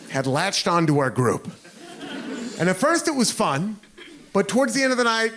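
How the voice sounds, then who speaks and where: Speaking a little high, a stand-up comic from the United States storytells into a handheld mic on a comedy club stage, mocking himself in asides and performing his panicked thoughts. The recording is noisy and live from the club.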